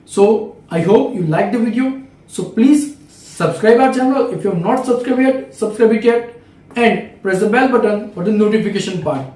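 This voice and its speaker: A man's voice: sits high, normal speed, dark tone, reverberant, recorded from a distance, low-quality recording. A man with an Indian English accent giving a step-by-step video lesson as an English exam tutor, repeating key phrases.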